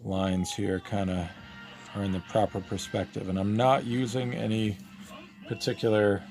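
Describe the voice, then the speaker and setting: Low, gravelly-voiced man chatting while he draws. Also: moderate pace, faint music behind. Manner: relaxed, rambling, many fillers. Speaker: artist streaming a live drawing session. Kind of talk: casual chat while drawing.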